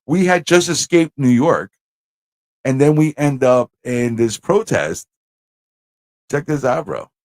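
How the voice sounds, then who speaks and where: A man hosting a casual livestream, telling stories in an animated way, swearing and slipping into put-on voices. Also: medium pitch, takes it slowly, long pauses. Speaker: host.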